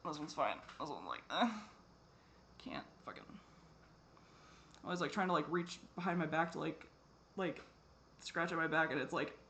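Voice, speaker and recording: A tired man rambling in a personal vlog, swearing a lot and drifting between normal talk and low mutters. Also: bright, forceful tone, a little hiss or hum. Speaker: vlogger.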